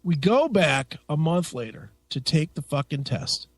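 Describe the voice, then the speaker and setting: A man hosting a radio talk show, telling a story in a casual, profane and animated way. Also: on the high side, a little slow, no room sound. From United States. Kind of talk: casual chat.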